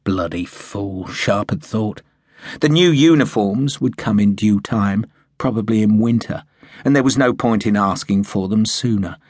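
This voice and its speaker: A man narrating an audiobook in a measured, storytelling manner. His voice is low and husky. The recording is close and dry, with no room sound. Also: a little mellow, no room sound. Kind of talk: scripted narration.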